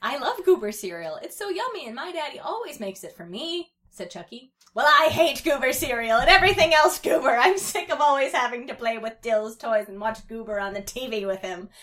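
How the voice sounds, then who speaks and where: A woman's voice: big pitch swings, brisk, hardly any pauses. A woman hosting a comedy show, reading a story aloud with put-on voices and frequent laughter. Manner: reads baby characters in put-on high voices, laughs often. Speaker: podcast host reading fan fiction aloud.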